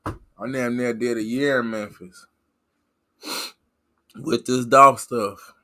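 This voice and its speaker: A man's voice: mid-range voice, steady tone, slow pace, bright, forceful tone. A man hosting a livestream and talking to his chat in a rambling, repetitive, fired-up way. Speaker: livestream host reading chat. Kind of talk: casual livestream rant.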